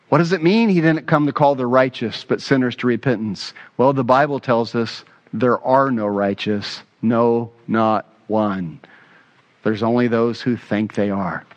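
A man's voice: medium pitch, a little slow, dull audio. A man preaching a sermon as pastor, earnest and emphatic, repeating his key phrases.

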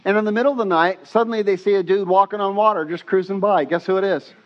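A man preaching a sermon as pastor, telling stories with animated, casual delivery and slang. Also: high voice, fast talker, muffled recording.

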